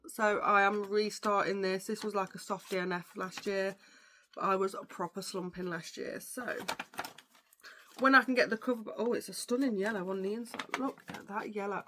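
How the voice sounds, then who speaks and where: A woman's voice: medium pitch, normal speed, pushed and bright. A young woman, talking casually as a book vlogger. She is chatty and gushing, with lots of fillers, and sounds tired, yawning now and then. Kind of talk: casual chat about books.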